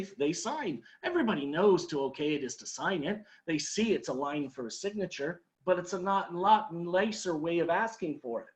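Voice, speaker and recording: A man leading a sales training talk, telling an anecdote and acting out his customers' lines, with emphatic repeated advice. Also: sits high.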